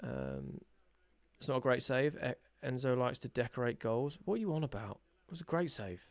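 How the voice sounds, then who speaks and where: A young man hosting a live football watch-along, chatting casually with his viewers, excitable and sarcastic, shouting when his team scores. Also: mid-range voice, normal speed, no echo. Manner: excitable, bursts into shouts at goals, sarcastic banter with chat. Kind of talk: live match reaction chat.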